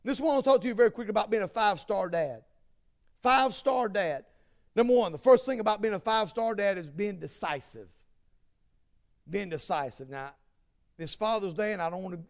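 A male pastor preaching a sermon, dropping to quiet asides and then rising to loud, shouted exhortation. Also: high voice, fairly quick, gravelly.

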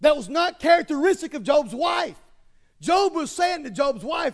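High-voiced preacher with emphatic bursts. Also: male voice, big pitch swings, normal speed, gravelly. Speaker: pastor. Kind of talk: sermon.

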